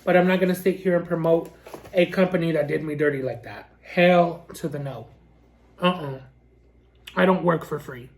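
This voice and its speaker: A woman's voice: deep voice, normal speed. A woman food vlogger talking casually to camera in a sassy, ranting way and laughing often. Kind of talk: casual mukbang vlog chat.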